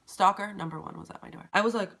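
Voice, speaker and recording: Brief: male vlogger, bright sharp tone, animated and profane storyteller. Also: high voice, fast talker, creaky. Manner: animated, profane, dramatic retelling. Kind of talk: casual storytime.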